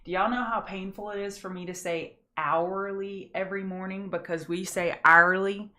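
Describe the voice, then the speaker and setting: A woman from Louisiana with a Southern accent, hosting a casual live pre-market trading show, folksy and chatty, greeting viewers by name and slowing down to enunciate. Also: mid-range voice, fairly even intonation, a bit bright. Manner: slows down to enunciate carefully.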